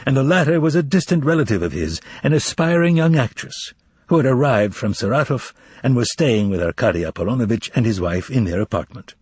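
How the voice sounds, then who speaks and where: A man narrating an audiobook in an expressive way, voicing each character. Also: medium pitch, a little fast, slightly rough, dry recording. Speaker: audiobook reader.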